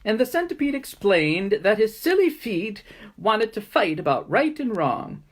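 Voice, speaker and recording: A woman reading a children's story aloud in a playful, animated way. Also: mid-range voice, a little slow.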